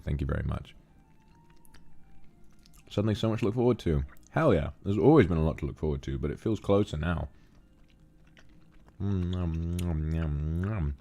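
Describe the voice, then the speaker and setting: A man's voice: very deep voice, gravelly, dark tone, breathy edge. A man chatting casually on a livestream, reading viewer donations and calling them darling. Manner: affectionate, calls viewers darling.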